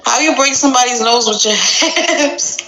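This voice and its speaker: A woman's voice: on the high side, moderate pace, bright, forceful tone. Frank, laughing woman host in echoey room. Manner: blunt, frank, laughs often. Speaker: podcast host. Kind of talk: casual chat, reading listener stories. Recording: roomy echo.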